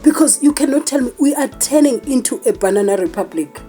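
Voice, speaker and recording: A woman's voice: sits high, expressive, fairly quick, warm tone, faint music behind. A South African woman hosting a news commentary channel, talking emphatically and repeating herself for stress. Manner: emphatic, repeats "I'm telling you". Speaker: channel host. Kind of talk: commentary vlog.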